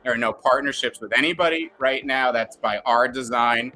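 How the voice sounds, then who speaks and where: A man's voice: medium pitch, moderate pace, bright, forceful tone, faint music behind. A man co-hosting a casual podcast chat, playful and jokey, explaining things at length. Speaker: co-host.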